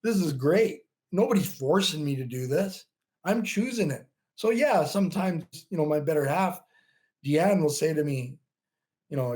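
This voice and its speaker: A man in his fifties, a bodybuilding coach guesting on a podcast, telling stories in a chatty, animated way with lots of "you know" and frequent laughs. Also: a little high, moderate pace. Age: 50s. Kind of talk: casual interview talk.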